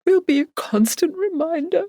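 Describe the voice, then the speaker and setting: A woman's voice: very high-pitched, animated, moderate pace, dark tone, no echo, studio quality, pitched above the performer's own voice. A woman reading a storybook, voicing an anxious, tender young woman in an emotional, pleading manner. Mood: distressed.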